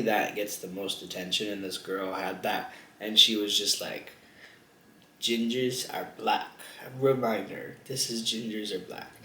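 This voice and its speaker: A young man vlogging a mukbang in casual chat, rambling with lots of fillers and giggles. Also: fairly low pitch. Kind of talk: casual chat while eating on camera. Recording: echoey room with faint ambient noise.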